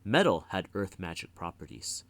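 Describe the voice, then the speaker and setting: Low-voiced male audiobook narrator. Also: very animated, normal speed, creaky, fairly bright tone, dry recording. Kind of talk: scripted narration.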